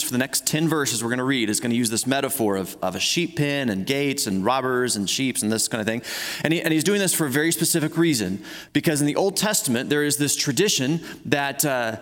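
A young man delivers a sermon as a pastor, sounding relaxed and conversational, with plenty of fillers and restarts. His voice sits at an ordinary middle pitch. A long reverb trails behind him from the hall.

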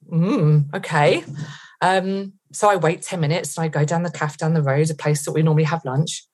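A woman's voice: fairly low pitch, normal speed, slightly rough. A middle-aged woman from England, a podcast guest, retelling a tense story vividly with quoted thoughts.

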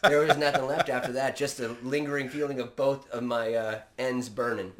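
A man telling stories in a casual chat, animated and swearing freely. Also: medium pitch, normal speed.

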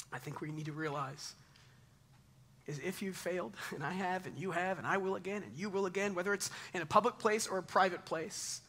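A man's voice: on the high side, sharp tone, breathy edge. A male pastor preaching a sermon, telling a personal story in a conversational way and dropping to a near whisper at tender moments.

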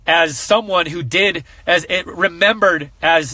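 A man's voice: fairly high pitch, measured pace, hardly any pauses, bright, forceful tone, no room sound. A man who works as a coach, giving a heartfelt personal talk to a group, earnest and emotional, fighting back tears.

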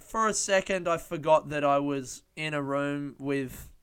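A young man, a comedian and podcast host, telling a story in a casual, animated way, laughing and swearing often. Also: a little high, unhurried, clean tone, dry recording, clean studio sound.

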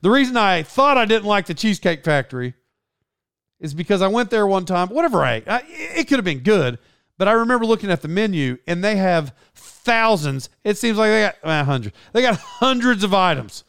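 A man's voice: sits high, sing-song, fairly quick, fairly bright tone, clear, resonant tone, no room sound, studio quality. A man from Oklahoma with a slight twang, telling casual stories in a rambling, self-correcting way and laughing often. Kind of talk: casual storytelling chat.

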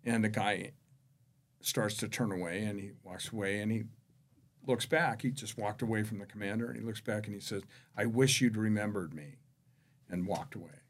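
A man with a fairly low voice tells stories as a podcast guest. He drops to hushed tones and then rises to emphatic points. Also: brisk. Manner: animated anecdote-teller, shifting between hushed and emphatic. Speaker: podcast guest, real estate executive. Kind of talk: conversational storytelling.

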